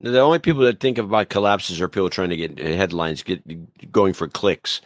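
An older man speaking as a guest on a podcast in a halting, casual way, often restarting his sentences. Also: low voice, no echo. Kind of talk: casual interview chat.

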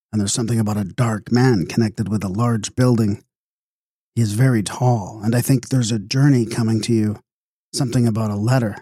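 A man voicing a stout, tipsy middle-aged fortune-teller woman who repeats herself in a slow drawl. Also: medium pitch, dark tone, husky, no echo, clean studio sound, natural voice. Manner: drawling, repetitive.

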